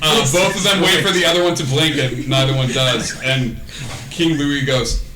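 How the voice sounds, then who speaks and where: Man as game master, relaxed, rambly narration. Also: on the high side, roomy sound, very noisy. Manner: casual, halting with many fillers.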